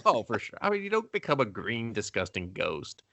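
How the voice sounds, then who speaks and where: A man co-hosting a casual movie review podcast, telling the plot in a profane, animated way. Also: medium pitch, normal speed, no echo. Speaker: podcast co-host.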